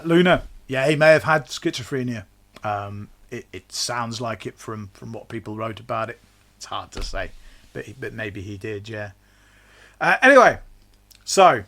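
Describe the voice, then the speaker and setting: A man hosting a casual history podcast, chatty and slangy, slipping into quick voices for the people in his story. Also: lowish voice, a bit bright. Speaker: podcast host.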